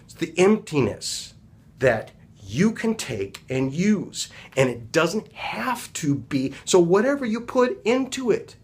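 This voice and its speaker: Animated man retelling a story. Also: fairly high pitch. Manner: rambling, reflective, animated retelling. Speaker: healing practitioner and speaker. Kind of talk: casual storytelling talk.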